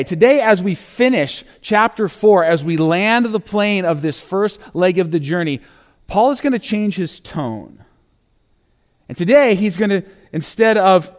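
High-voiced emphatic preaching pastor. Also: male voice. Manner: emphatic preaching with dramatic slowdowns and bursts of intensity; reads scripture aloud. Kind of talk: sermon.

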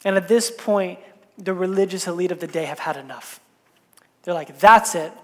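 A woman pastor giving a sermon, telling the story in a relaxed, conversational way with casual asides. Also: fairly low pitch, moderate pace. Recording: long reverb in a large hall.

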